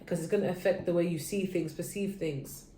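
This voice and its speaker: This relaxed tarot reader talks a little fast, her low voice shifting between hushed murmurs and sudden perkiness as she admits to being tired from lack of sleep. The recording has an echoey room, faint ambience and slight background noise.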